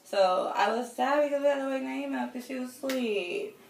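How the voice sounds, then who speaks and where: A woman's voice: high-pitched, fairly quick, vocal fry. Chatty woman in an echoey room. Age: 30s. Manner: chatty, rambling, many fillers and laughs. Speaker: vlogger telling a personal story. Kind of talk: casual storytime. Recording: roomy echo, distant from the mic, faint noise.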